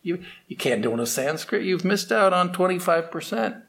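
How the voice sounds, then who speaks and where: A man's voice: high-pitched, lively intonation, normal speed, fairly bright tone, pitched above the performer's own voice. A man putting on a pompous old scholar. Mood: haughty. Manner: lofty, lecturing questions. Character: haughty learned male scholar, pompous and condescending.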